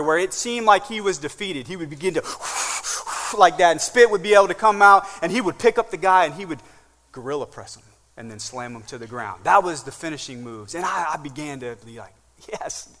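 Pastor preaching in a reverberant hall. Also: male voice, a little high, expressive, a little fast. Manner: dynamic, swings from hushed to loud. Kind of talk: sermon. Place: church sanctuary.

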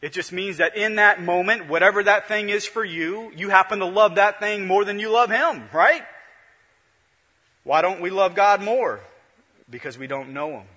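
A male pastor preaching a sermon, with a repetitive cadence that swings between loud peaks and hushed lines. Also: high voice, normal speed. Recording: long hall reverb.

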